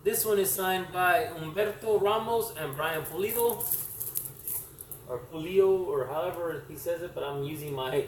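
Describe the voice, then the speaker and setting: Casual male vlogger, slightly high voice, halting and rambly, recorded off-mic in an echoey room. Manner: rambling, halting, lots of fillers and self-corrections. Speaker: comic collector vlogger. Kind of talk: casual show-and-tell vlog. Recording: roomy echo, distant mic, faint hiss.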